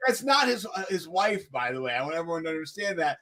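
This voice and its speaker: A man co-hosting a live-stream chat show, animated and giggly as he talks over the clips he plays. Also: on the high side, fast talker, a loud crowd. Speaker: podcast co-host.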